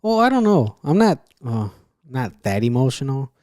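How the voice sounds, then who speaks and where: A man's voice: mid-range voice, big pitch swings, moderate pace, a little mellow, no room sound, clean studio sound. A man co-hosting a casual podcast, chatting loosely with lots of fillers and swearing. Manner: loose and profane, with frequent fillers and restarts. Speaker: podcast co-host. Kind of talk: casual chat.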